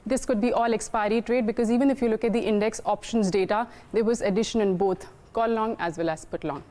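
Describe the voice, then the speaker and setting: A woman with an Indian English accent giving a fast, data-heavy derivatives market update on a live news show. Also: medium pitch, steady tone, warm tone.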